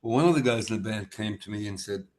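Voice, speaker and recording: A man's voice: on the low side, fast talker, darkish tone. An older man, a musician guest telling rambling anecdotes in a casual video-call interview and acting out the dialogue. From Australia. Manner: rambling anecdotal, acts out dialogue with shifting voices.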